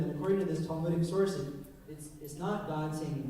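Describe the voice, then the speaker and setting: A man, a rabbi leading a text study with questions, animated and acting out quotes, recorded from a distance in a synagogue hall. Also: on the high side, fairly quick. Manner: animated, acts out quotes with rising voice. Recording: echoey room, recorded from a distance.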